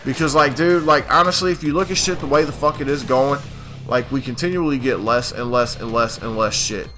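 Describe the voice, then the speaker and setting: A man's voice: medium pitch, a little fast, sharp tone, slight background noise. A man ranting casually over gameplay as a gaming channel host, swearing constantly and rambling with lots of "like" and "dude". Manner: profane, rambling, frequent "like" and "dude". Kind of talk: casual gameplay commentary rant.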